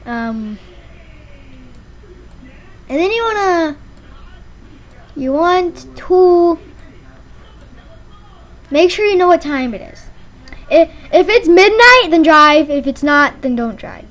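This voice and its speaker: A woman giving absurd mock driving advice in a rambling, halting way, full of fillers and deadpan jokes, in a car showroom. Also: very high voice. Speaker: vlogger. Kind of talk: joking mock tutorial.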